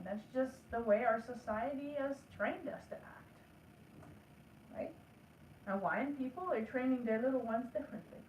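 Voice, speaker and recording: A woman's voice: on the high side, a little hiss or hum. A woman teaching a spiritual lesson in an earnest, coaching way, acting out the inner talk she asks listeners to have with themselves. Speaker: energy work teacher. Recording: echoey room, voice heard from a distance.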